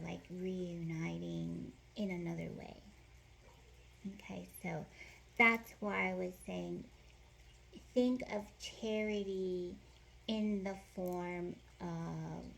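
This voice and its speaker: A woman doing a casual card reading to camera, playful and joking, laughing often, sometimes slipping into soft whispered affirmations. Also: lowish voice, gravelly, slight background noise. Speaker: spiritual card reader.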